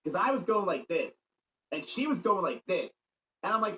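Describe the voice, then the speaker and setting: A man's voice: high-pitched, very animated, fairly quick, a little hiss or hum. A man streaming, chatting casually in a blunt, teasing way. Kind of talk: casual chat. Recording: dull lo-fi stream audio.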